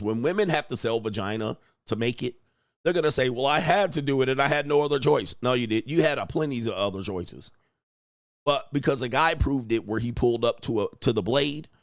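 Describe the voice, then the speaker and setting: A man's voice: medium pitch, dry recording. Man, livestream host, blunt profane rant, mocking, dry close sound. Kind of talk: profane ranting commentary.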